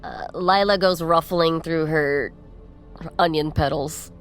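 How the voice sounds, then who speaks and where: A woman's voice: sits low, fairly even intonation, a little slow, faint music behind. A woman playing a tabletop game, playfully describing her character's actions. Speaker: player.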